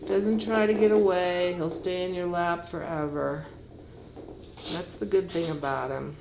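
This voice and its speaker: A woman's voice: lowish voice, steady tone, unhurried, creaky, roomy sound, background noise. A cat breeder chatting fondly to her kittens in a casual home video, with baby talk in between.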